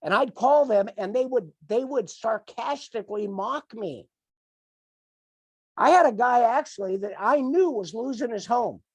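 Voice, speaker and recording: A man's voice: very high-pitched, expressive, a little slow, husky, no echo. A middle-aged man giving an emphatic, repetitive, fired-up motivational coaching talk to his team on a call. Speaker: team leader.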